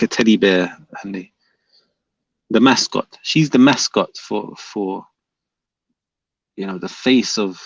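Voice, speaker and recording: Gravelly-voiced man arguing with comments. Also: fairly low pitch, no echo, muffled recording. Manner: argumentative, repeats questions back at commenters. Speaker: streamer reading viewer comments. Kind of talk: live comment-reading debate.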